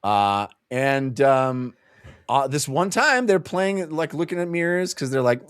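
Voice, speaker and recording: Animated man retelling a book, dry sound. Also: mid-range voice, unhurried, clean tone, dry recording. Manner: animated retelling, acting out quotes with laughs. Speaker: podcast co-host. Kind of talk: casual book club chat.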